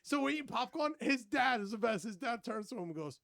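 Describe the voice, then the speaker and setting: A podcast co-host chats casually, ribbing his friends as he tells the story. His voice sits very high with a gravelly fry. The sound is dry and close. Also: expressive, brisk, a bit bright, no echo. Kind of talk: casual chat.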